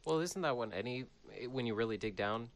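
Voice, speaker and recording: A man co-hosting a podcast in casual chat, laid-back and quick to laugh. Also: mid-range voice. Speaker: podcast co-host.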